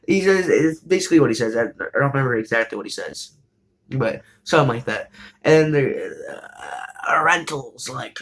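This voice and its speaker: A man's voice: medium pitch, animated, normal speed, fairly bright tone. A young man hosting a show, casually recapping an anime in a rambling, hesitant way with lots of fillers. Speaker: show host.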